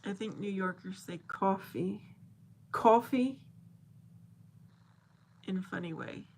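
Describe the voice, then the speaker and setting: A woman's voice: medium pitch, steady tone, moderate pace, vocal fry, slight background noise. A woman in her forties hosting a casual live chat, reading viewer comments, laughing often and thinking aloud as she talks. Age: 40s.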